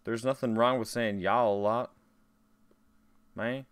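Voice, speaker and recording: A man's voice: medium pitch, steady tone, slow, clean tone, dry recording. A man streaming a game, chatting casually with his viewers between tasks. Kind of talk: casual live-stream chat while gaming.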